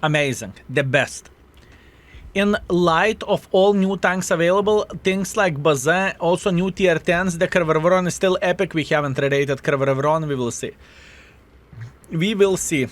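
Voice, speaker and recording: A man's voice: on the high side, a little slow. A man streaming a tank game, commenting on the action, swearing and thanking chat viewers by name. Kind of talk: live gameplay commentary and chat reading.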